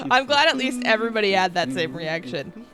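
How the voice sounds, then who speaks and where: A young adult woman streamer talking through a video game, expressive, laughing and yelling at the game. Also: on the high side. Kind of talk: gaming commentary. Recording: game music behind the voice.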